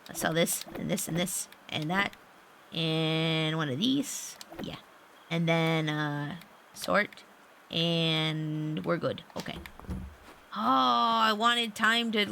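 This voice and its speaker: A woman streaming a farming game, chatting casually and getting excitable and squealy over every find. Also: lowish voice, vocal fry, a little hiss or hum. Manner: bubbly, excitable, squeals at finds. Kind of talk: casual gameplay stream chat.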